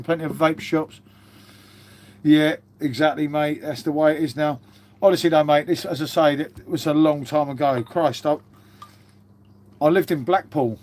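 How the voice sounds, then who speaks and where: A man in his fifties talks on a casual live stream, his voice sitting a touch high for a man. He rambles from one story to the next, swears freely and tacks "mate" onto nearly every sentence. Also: darkish tone. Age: 50s.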